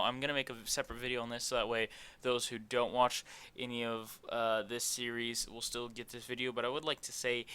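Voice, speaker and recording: A man's voice: medium pitch, pushed and bright, clear, resonant tone. A young man hosting an unscripted game development tutorial, thinking aloud with many fillers as he works. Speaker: game dev tutorial host. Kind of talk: unscripted screen-recorded tutorial.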